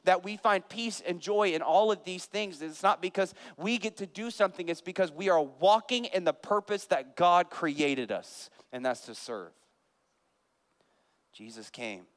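A male pastor delivering a sermon in a church, swinging from hushed earnest appeals to loud, fervent preaching while a band plays behind him. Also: high-pitched, unhurried. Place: church sanctuary. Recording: long hall reverb with band music. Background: live band playing.

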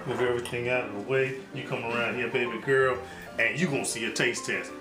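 A man's voice: mid-range voice, steady tone, fast talker, roomy sound, music in the background, poor audio. A man hosting a casual home cooking show, joking and hyping each step straight to his viewers.

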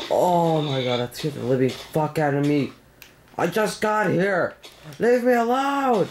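Jumpy, gravelly gamer guy, noisy recording. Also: sits high, animated, slow. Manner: jumpy, yelps and swears when startled. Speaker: let's play gamer. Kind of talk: casual game commentary.

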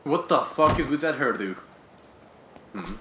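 A man's voice: mid-range voice, animated, a little slow, background noise. A man giving offhand, casual commentary as the host of a gameplay video. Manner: offhand and swear-prone. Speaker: let's play host. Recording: roomy echo, faint game music.

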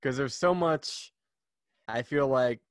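A man's voice: mid-range voice, slow pace, no room sound, studio quality. A man who is a guest reviewer in a casual movie discussion, wry and emphatic, stretching his fillers.

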